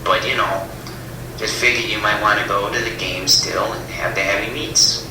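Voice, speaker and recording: A man's voice: lowish voice, steady tone, moderate pace, background noise, close to an everyday voice. A man playing a rambling tailgate caller. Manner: rambling, mumbling, hesitant. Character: sleepy male tailgating caller from Wisconsin. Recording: echoey room from far off.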